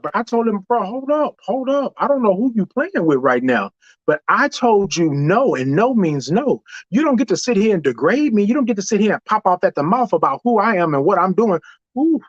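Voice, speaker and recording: A man with a Houston accent who hosts a show, giving a preachy, animated monologue and playing out both sides of a dialogue himself. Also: sits high, no room sound, muffled recording. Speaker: host. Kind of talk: motivational monologue.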